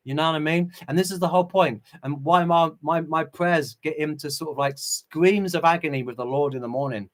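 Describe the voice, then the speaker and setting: Male streamer, middle-aged, preachy and fervent, talks a bit high, casual chat style. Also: fairly quick, hardly any pauses. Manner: impassioned, preachy, chuckles between remarks. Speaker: livestream host. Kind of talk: casual livestream commentary reading chat.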